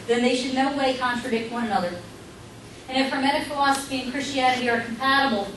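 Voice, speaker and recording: A woman's voice: on the high side, a bit bright. Woman, middle-aged, seminar teacher, emphatic, rhetorical questions, roomy echo, distant mic. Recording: roomy, distant mic, faint background hum.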